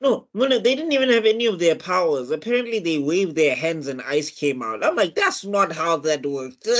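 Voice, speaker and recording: Male co-host, higher-pitched, animated casual podcast chatter. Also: a little fast. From South Africa. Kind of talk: casual chat reviewing a TV show.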